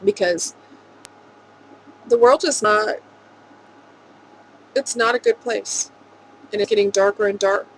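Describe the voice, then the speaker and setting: A woman speaking earnestly and emotionally in a rambling vlog monologue, with soft laughs. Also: mid-range voice, steady tone, unhurried, pauses often, slight background noise, low-quality recording. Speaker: vlogger.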